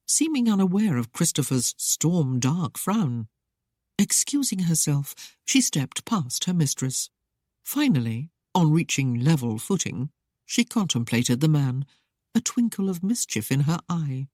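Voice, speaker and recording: Low, husky woman narrator. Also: dry recording, clean studio sound. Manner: expressive storytelling. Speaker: audiobook narrator. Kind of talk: scripted narration.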